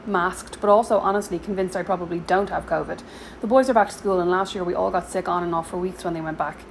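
Brisk wry woman reading a spending diary. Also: lowish voice, a little hiss or hum, rough recording. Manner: wry, dry sarcastic asides. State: sore throat and cough. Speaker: vlogger reading her weekly spending diary. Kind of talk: scripted diary narration.

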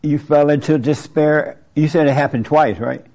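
A man's voice: fairly high pitch, fairly even intonation, moderate pace, a little mellow. A man interviewing, asking short probing questions as a counselor.

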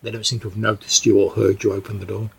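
A man's voice: lowish voice, flat delivery, quick pace, creaky, breathy edge. A man as game master, narrating a tabletop game in a loose, casual way full of fillers.

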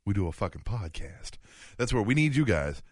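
A man co-hosting a casual podcast, telling stories in a profane, animated way. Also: on the low side, brisk, husky, dry recording, studio quality. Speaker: podcast co-host.

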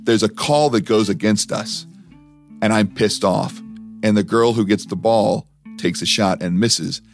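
A man co-hosting a comedy podcast, his voice hoarse and worn from coaching, joking in quick bursts. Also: on the low side, faint music behind. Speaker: podcast co-host. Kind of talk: casual comedic chat.

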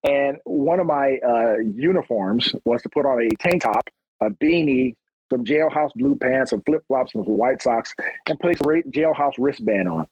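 A man's voice: medium pitch, unhurried, vocal fry, breathy edge, rough recording. A middle-aged man from Long Beach, a police officer telling stories in a casual interview and acting out the people he quotes. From Long Beach, California. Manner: animated storyteller who acts out quotes.

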